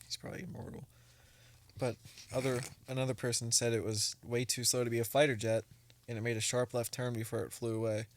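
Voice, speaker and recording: A man's voice: medium pitch, little pitch movement, fairly quick, slight background noise. A young man hosting a casual podcast, joking and reading reports aloud to his friends. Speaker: podcast host.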